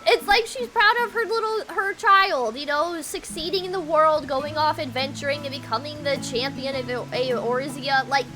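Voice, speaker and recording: A woman's voice: high-pitched, normal speed, few pauses, music in the background. A woman with a Texan accent, chatting playfully and giggling as she streams a game. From Texas. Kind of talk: casual live-stream chat while gaming.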